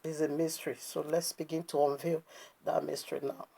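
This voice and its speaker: A woman's voice: low voice, little pitch movement, fairly quick, creaky, dark tone, slightly rough. A woman preaching, emphatic and scornful, asking rhetorical questions as she critiques a video. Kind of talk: sermon commentary on a video.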